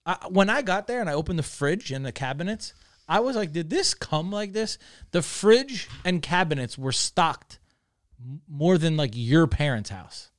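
A New man co-hosting a podcast, telling a story in an animated, profane way. His voice sits a little high and leaps all over the place. The sound is close and dry. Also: normal speed, no room sound. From New Jersey. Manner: animated, profane storytelling full of "dude" and "bro". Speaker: podcast co-host. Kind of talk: casual chat.

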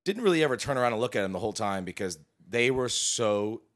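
A man co-hosting a podcast, chatting casually and telling an animated story with acted-out quotes. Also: medium pitch, fast talker. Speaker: podcast co-host; sports bar manager.

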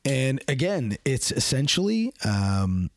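A man's voice: medium pitch, big pitch swings, takes it slowly, dry recording, clean studio sound. A man, a podcast guest and firearms collector, talking casually in a rambling way full of fillers and restarts. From Canada.

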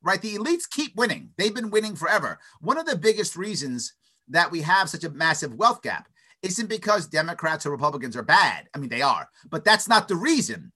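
A man holds forth as an interview guest. He argues eagerly, stumbling into restarts and checking in with quick "right?" tags. His voice sits high and bright, and it swings widely in pitch. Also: breathy edge. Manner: animated, stutters restarts, frequent "right?" tags. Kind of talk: opinionated conversational monologue.

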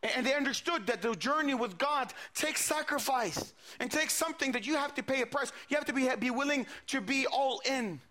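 A male preacher delivers a sermon, walking his listeners through a scripture story. His voice sits very high and sounds bright and forceful. He often repeats words as he builds each point. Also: a little fast, hardly any pauses. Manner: retelling scripture with quoted dialogue, frequent repetitions.

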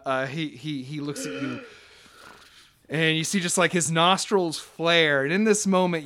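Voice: medium pitch, a bit bright. A game master narrating a tabletop game, hesitating often with fillers as they describe scenes. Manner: halting, lots of fillers while describing.

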